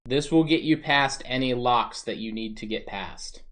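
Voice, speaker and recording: Man doing a sulky thieves' guild boss in a tabletop game, grudging and deliberate, mid pitch. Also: a bit bright, natural voice. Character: sulking male thieves' guild leader.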